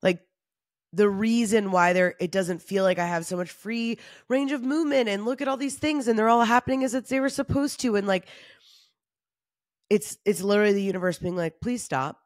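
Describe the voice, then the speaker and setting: A weary woman speaks alone into her podcast mic, candid and confessional, letting laughs and a swear slip in. Her voice sits at a middling pitch, and the sound is close and dry, with no room around it. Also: a little fast, no echo. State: tired and run down. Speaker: podcast host. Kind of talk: candid solo podcast talk.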